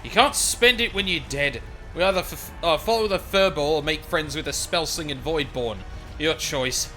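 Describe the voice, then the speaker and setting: A man voicing a roguish male sky pirate captain with a deepened, rough pirate voice while reading game dialogue aloud. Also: moderate pace, pushed and bright, faint music behind. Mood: brisk.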